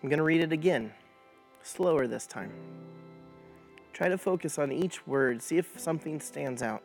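A man with a slightly raised, gravelly voice leads a guided scripture meditation. He speaks straight to his listeners and encourages them, then eases into slow, prayerful reading. Soft music plays faintly underneath. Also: a little high. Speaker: pastor leading a guided prayer.

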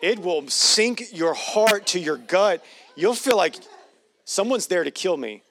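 A man's voice: high voice, animated, unhurried, fairly bright tone. A man preaching a sermon in a folksy, joking way with playful asides. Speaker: pastor.

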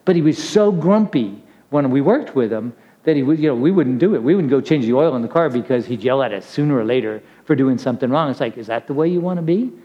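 A middle-aged man gives a relaxed sermon to a young crowd, telling stories against himself in a chatty way. His voice sits at an ordinary pitch, and the recording sounds dull and lo-fi. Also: fast talker, big-room sound. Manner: chatty and self-deprecating, laughs at his own stories. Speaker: preacher. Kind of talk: casual storytelling sermon to young people.

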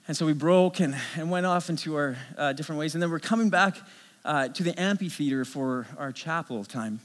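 A middle-aged male pastor preaches in a high, lively voice, telling a story and stumbling over restarts as he builds it up. His words ring out with a long reverb from a large hall. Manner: storytelling, animated, many restarts. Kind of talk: sermon.

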